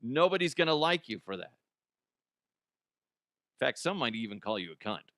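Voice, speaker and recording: A man hosting a comedy news podcast, ranting sarcastically with lots of swearing, swinging between loud outbursts and mutters. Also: medium pitch, very animated, moderate pace, no room sound, clean studio sound. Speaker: podcast host.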